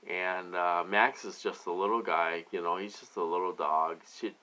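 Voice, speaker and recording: A man's voice: sits low, steady tone, moderate pace, sharp tone. A man talking loosely to his viewers in a rambling personal monologue, repeating himself and filling gaps with "you know.". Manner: loose, repetitive, heavy with fillers. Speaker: vlogger.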